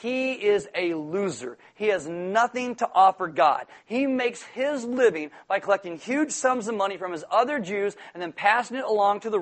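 A man preaching a sermon, animated and acting out the voices of people in his examples. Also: sits high. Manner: animated, acts out quoted voices. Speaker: pastor.

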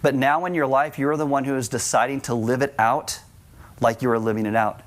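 A man's voice: medium pitch, fairly even intonation, brisk. A middle-aged man preaching a sermon to a congregation, conversational, with joking asides. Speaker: pastor.

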